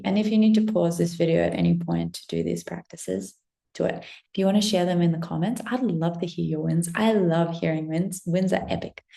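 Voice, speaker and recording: A woman's voice: on the low side, creaky, dark tone, echoey room. A woman coach giving a casual motivational pep talk, full of encouraging rhetorical questions and the odd swear word. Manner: casual, swears now and then.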